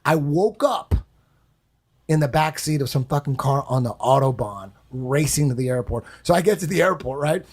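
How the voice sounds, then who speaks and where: A man's voice: medium pitch, expressive, moderate pace, breathy edge. A man telling a long story on a podcast in a casual, rambling way, swearing often and repeating himself. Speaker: podcast guest.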